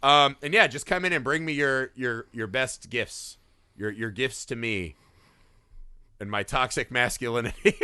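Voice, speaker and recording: Bright, animated, swearing podcast man. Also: medium pitch, measured pace, clean tone, dry recording, studio quality. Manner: animated storyteller, swears a lot, keeps asking "right?". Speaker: podcast co-host. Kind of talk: casual film podcast chat.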